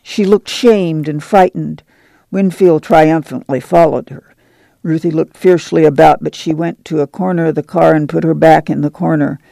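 A man narrating a novel as an audiobook, in a measured, unhurried way. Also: a little high, fairly even intonation, creaky, dark tone, no echo. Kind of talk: scripted narration.

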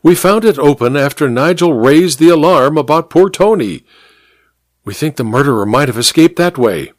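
A man voicing a brisk, matter-of-fact aristocratic duchess in a dry storybook reading. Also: fairly high pitch, expressive, dry recording, pitched above the performer's own voice, natural voice. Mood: explaining.

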